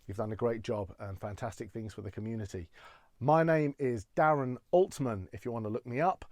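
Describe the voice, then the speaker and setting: A man's voice: medium pitch, a little fast, a little mellow, no room sound, studio quality. Chatty male impressionist doing stand-up. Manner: chatty, self-deprecating, many fillers. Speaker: impressionist comedian. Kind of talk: stand-up comedy set.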